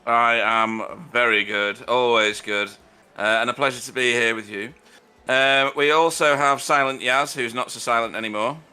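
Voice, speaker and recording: A man calls a sim race as host of the broadcast. His voice is bright and crisp, and he talks in a loose, chatty way with dry jokes at his own expense. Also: mid-range voice, fairly even intonation, moderate pace. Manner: chatty, dry self-deprecating humor. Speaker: sim racing commentator. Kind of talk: live race commentary.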